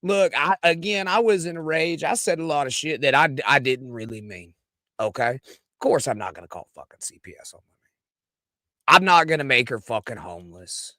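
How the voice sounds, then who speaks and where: A man streaming commentary on a recorded radio show, talking in a profane, rambling way that swings from loud outbursts to mutters. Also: on the high side, normal speed, no room sound, studio quality. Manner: profane, rambling, swings between shouting and mumbling. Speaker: streamer reviewing his own radio appearance.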